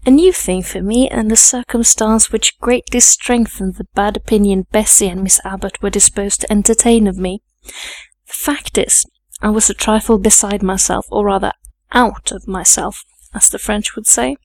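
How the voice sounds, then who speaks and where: Audiobook narrator, woman, measured and composed, dry close sound. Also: mid-range voice, fairly even intonation, darkish tone, no room sound. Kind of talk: scripted narration.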